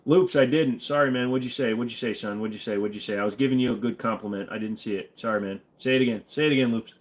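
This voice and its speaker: A man hosting a casual livestream, reading viewer questions and answering them in a relaxed, chatty way. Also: mid-range voice, fast, hardly any pauses. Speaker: livestream host reading chat.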